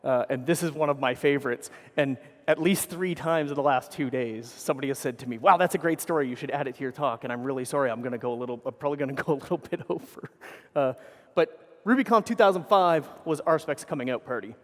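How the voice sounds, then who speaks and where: Talking fast in a medium pitch, a keynote speaker addresses a conference through a stage microphone, with big-room sound. His anecdotes ramble, full of swearing and correcting himself.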